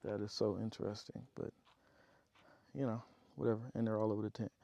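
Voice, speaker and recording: A man's voice: on the low side, little pitch movement, fairly quick, vocal fry, mellow. A man vlogging from his off-grid homestead, rambling casually to his viewers and worn out from digging. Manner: rambling, talkative, addresses viewers as y'all. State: tired after digging.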